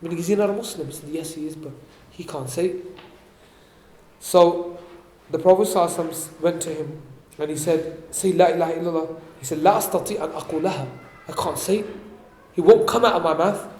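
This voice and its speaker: A man giving a religious talk, explaining points and asking his listeners questions, reciting Arabic quickly before translating it. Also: fairly high pitch, a little mellow, reverberant. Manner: explains and asks the audience questions. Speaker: religious teacher. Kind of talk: sermon. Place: event hall.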